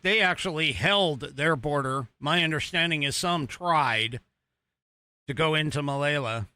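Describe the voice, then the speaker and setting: Playing video footage as he talks, an American political podcast host rambles casually, full of fillers and restarts. He has a fairly high, sharp voice, recorded without room sound.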